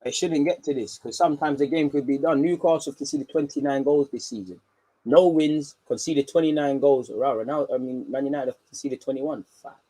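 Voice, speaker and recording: A young man hosting a live football watchalong, talking in slang and swinging from low muttering to excited shouts. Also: fairly quick. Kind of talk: live match reaction commentary.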